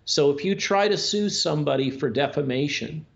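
A man as a guest on a talk show, speaking in a measured, drawn-out way with many filler sounds. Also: a little high, lively intonation, gravelly. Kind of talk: conversational interview talk. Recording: dull lo-fi audio.

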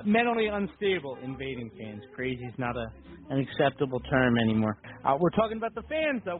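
A man hosting a wrestling call-in podcast, chatting casually and joking with his co-host and callers. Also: sits high. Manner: jokey, upbeat banter. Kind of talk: casual call-in show chat. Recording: tinny phone-like sound.

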